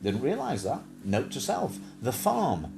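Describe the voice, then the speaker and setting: A man's voice: medium pitch, huge pitch swings, a little slow, creaky, roomy sound, over music. A man hosting a livestream in casual chat, rambling with many fillers and small asides. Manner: rambling, many fillers, breaks into sung snatches and mimicked accents. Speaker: livestream host.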